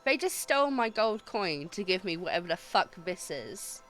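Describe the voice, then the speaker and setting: A woman streaming a dating game, chatting excitably and swearing freely as she reads the story text aloud. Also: medium pitch, normal speed, soft background music. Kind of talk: let's-play commentary and reading game text aloud.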